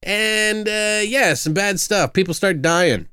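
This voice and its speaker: A man's voice: sits high, slow, bright, forceful tone, clean tone, dry recording, clean studio sound. A young man co-hosting a casual movie review podcast, rambling and loose, swearing freely, with lots of fillers.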